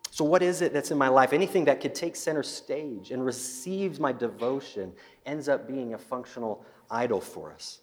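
A man preaching at a middle pitch, his voice carrying a long echo through a large hall. He tells a Bible story with lively storytelling and often repeats words on the way. It sounds like a live church sermon. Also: normal speed. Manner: storytelling, acting out biblical scenes, frequent repeated words. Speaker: pastor.

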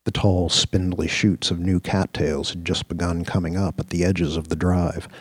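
A male storyteller with a very low, husky voice reads a science-fiction audio drama in a measured, descriptive manner. The recording is close and dry, with no room sound. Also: no echo. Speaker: narrator. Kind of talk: scripted audio-drama narration.

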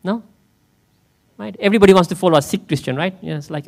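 A man's voice: high voice, quick pace, gravelly, a little mellow. A man in the role of pastor, preaching a conversational sermon in church and often asking his listeners questions. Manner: conversational, asks the congregation questions.

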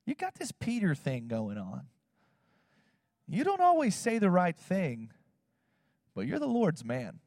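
Male pastor, 30s, chatty sermon storyteller, slightly high pitch, long reverb tail. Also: a little slow, pauses often, clean studio sound. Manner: animated, acts out quotes in other voices, fillers like "like" and "you know".

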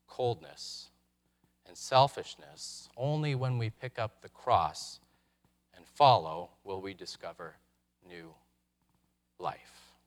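A man preaching a sermon, reflective, posing rhetorical questions with dramatic pauses. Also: mid-range voice, fairly bright tone. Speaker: pastor.

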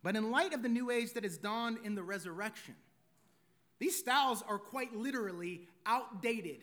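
A man's voice: high voice, normal speed, a bit bright. A middle-aged man, preaching a sermon in a conversational way, full of rhetorical questions. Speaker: pastor.

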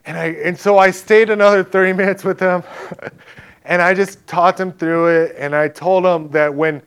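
Give me a man with a slightly high voice casually telling a faith testimony, acting out the back-and-forth. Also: fairly even intonation, a bit bright, smooth. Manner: chatty, peppered with "like" and "right?"; acts out others' lines in quick back-and-forth. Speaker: speaker giving a personal faith testimony. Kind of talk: casual spoken storytelling.

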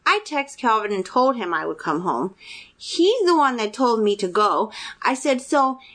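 Chatty woman in her thirties telling a story. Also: moderate pace. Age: 30s. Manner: chatty, animated, acts out quotes with rising pitch. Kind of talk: casual personal story.

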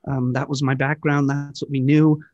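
Guest man, upbeat casual storyteller, middle pitch, dry sound. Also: little pitch movement, darkish tone, no echo, lo-fi sound. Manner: enthusiastic storyteller, quick asides. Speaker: guest, digital marketing agency partner. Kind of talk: casual conversational interview.

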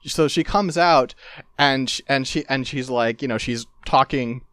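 Man, casual chat, rambling, lots of fillers, dry close sound, mid pitch. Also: unhurried, fairly bright tone, clean tone, no echo. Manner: rambling, filler-heavy, amused. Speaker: podcast co-host discussing a game.

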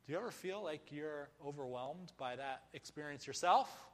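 A high-voiced man delivers a sermon from a church sanctuary, his words trailing off into a long hall echo. He preaches emphatically, asking rhetorical questions and hammering phrases through repetition. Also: lively intonation, moderate pace, fairly bright tone. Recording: echoey hall.

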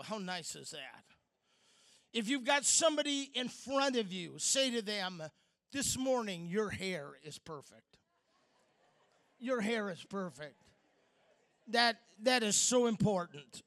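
Guest preacher, man, high bright voice, jokey crowd-work sermon. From outside Chicago. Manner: playful, leads audience in call-and-response. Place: church service.

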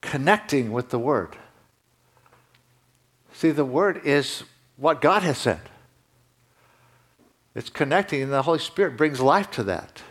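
A man delivers a sermon in a church in a relaxed, talking-to-you manner. His voice sits in a middle register and climbs with emphasis when he drives a point home. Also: medium pitch, measured pace, long pauses. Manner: conversational preaching, rising emphatically at key points. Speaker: pastor.

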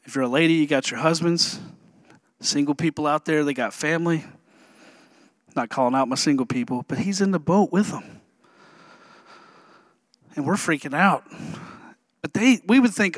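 A man pastor preaching a sermon in a lively, humorous way, joking with the congregation between points. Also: on the high side, moderate pace, long pauses, dry recording.

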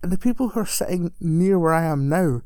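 Mellow-voiced woman, rambling with chuckles. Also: fairly low pitch, expressive, brisk, dry recording. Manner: rambling, chuckling, self-deprecating. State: recovering alcoholic. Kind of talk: casual anecdote telling.

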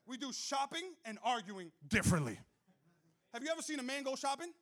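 A male pastor preaching a sermon, telling funny stories and joking with the crowd, moving from soft asides to loud shouts. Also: extremely high pitch, big pitch swings, brisk. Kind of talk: sermon with humorous storytelling. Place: church hall with live audience.

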